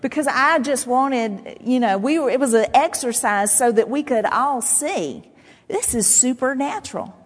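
Lady pastor preaching, chatty and lively, voice rings out in a big church hall. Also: sits high, a little slow. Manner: conversational, animated preaching with made-up syllables. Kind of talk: sermon. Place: church sanctuary. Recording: long hall reverb.

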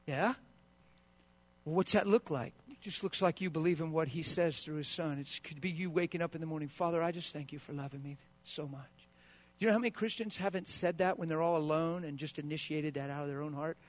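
A man pastor preaching a sermon, swinging between hushed asides and loud bursts and acting out the quoted voices of spouses. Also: on the high side, brisk.

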